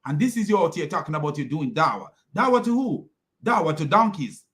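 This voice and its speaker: A man's voice: on the high side, big pitch swings, quick pace, a bit bright. Mocking man ranting in commentary. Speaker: commentary host. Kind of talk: reaction commentary on clips.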